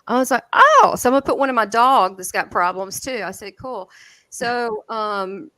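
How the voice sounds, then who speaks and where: A woman's voice: fairly high pitch, normal speed, no echo. Southern lady telling stories on a video call, laughs a lot, dry close mic. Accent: Southern American. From southern United States. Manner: lively, laughs often, quotes dialogue with many restarts. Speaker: guest medium. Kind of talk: animated storytelling in an interview.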